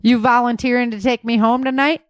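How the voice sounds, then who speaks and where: A woman voicing a smaller male soldier who trades jokes and quick comebacks. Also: fairly high pitch, steady tone, clean tone, no room sound, clean studio sound, pitched above the performer's own voice, natural voice. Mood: flirty.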